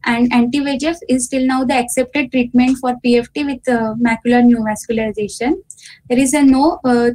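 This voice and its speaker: High-pitched young woman, Indian accent, halting lecture delivery, frequent fillers. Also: a little mellow, rough recording. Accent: Indian English. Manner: hesitant, many fillers and restarts. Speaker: presenter. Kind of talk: academic medical presentation.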